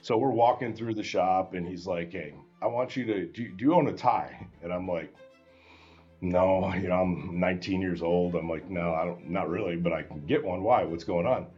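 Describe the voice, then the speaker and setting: A man guest on a podcast, telling a story in a casual, animated way and acting out the dialogue with many restarts. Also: deep voice, normal speed, dull audio, faint music behind.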